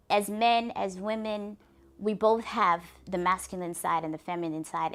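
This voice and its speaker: A woman telling a folktale and then reflecting on its moral, earnest and lively. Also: medium pitch. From Africa. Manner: earnest, lively narration with restarts. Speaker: storyteller.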